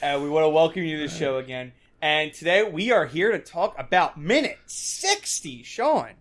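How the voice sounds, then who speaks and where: A man co-hosting a podcast in casual chat, chatty and quick to laugh. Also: fairly high pitch, big pitch swings, fairly bright tone. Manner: chatty, laughs easily, acts out quotes. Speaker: podcast co-host.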